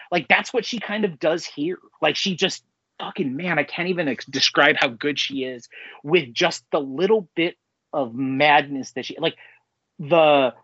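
A man in casual podcast chat, rambling and swearing, with a voice pitched a little high. The sound is dry and a bit dull, close to the mic. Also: fairly bright tone, no room sound. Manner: rambling, swears freely, many fillers. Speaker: podcast co-host.

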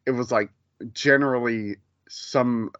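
A man's voice: medium pitch, steady tone, unhurried, fairly bright tone, dry recording, highs cut off. A man co-hosting a casual pop culture podcast, rambling with lots of fillers and restarts. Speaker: podcast co-host.

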